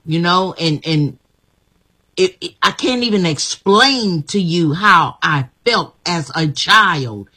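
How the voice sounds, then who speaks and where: Slow, bright, breathy woman speaking emphatically. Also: mid-range voice. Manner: emphatic, repetitive, preacherly. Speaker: guest. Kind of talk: inspirational talk-show chat.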